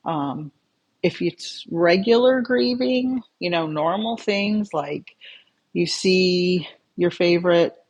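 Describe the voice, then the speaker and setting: Husky-voiced medium, mid-pitched, relaxed advice chat with viewers. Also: takes it slowly, highs cut off. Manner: calm, conversational, reads out viewer comments and replies. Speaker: spiritual medium answering viewer comments. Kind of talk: casual livestream advice chat.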